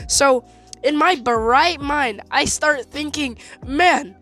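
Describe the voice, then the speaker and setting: A teenage boy telling a story in a casual, animated, slangy way, often laughing mid-sentence. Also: extremely high pitch, takes it slowly, soft background music. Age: teens.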